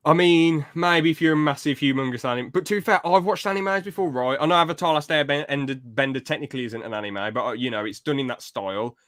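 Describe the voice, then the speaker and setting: A man's voice: fairly high pitch, fast talker, hardly any pauses, fairly bright tone, dry recording, studio quality. A man chatting on a podcast, rambling and opinionated, swearing casually about films he dislikes. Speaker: podcast co-host.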